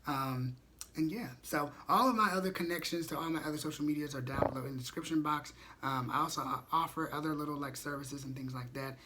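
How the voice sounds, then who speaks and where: A man's voice: fairly high pitch, fast, sharp tone, a little hiss or hum. A man vlogging motivational advice to his viewers, chatty and candid, swearing casually and calling them y'all. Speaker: vlogger giving life advice. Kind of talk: casual motivational talk to camera.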